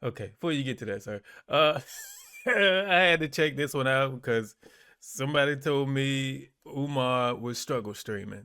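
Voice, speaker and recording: A man's voice: medium pitch, moderate pace, fairly bright tone, clear, resonant tone. A man doing casual reaction commentary on a livestream clip, amused and laughing often.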